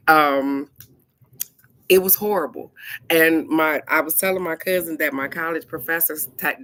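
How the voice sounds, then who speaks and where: A woman hosting a casual talk, telling stories animatedly and speaking straight to her viewers with frank, casual swearing. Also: low voice. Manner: animated storytelling, addresses viewers directly. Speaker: host of a card-of-the-day talk. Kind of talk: casual chat.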